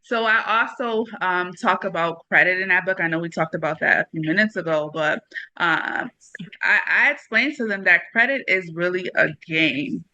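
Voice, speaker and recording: A woman's voice: on the low side, normal speed, bright, forceful tone, lo-fi sound. A woman author being interviewed, talking casually and animatedly, laughing as she tells stories with casual slang. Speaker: author guest.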